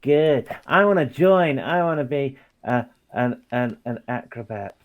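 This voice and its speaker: A man at a tabletop game talks casually as his character, sometimes halting and repeating himself. His voice comes through a tinny, phone-like line that strips away its fullness. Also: mid-range voice, animated. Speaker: player.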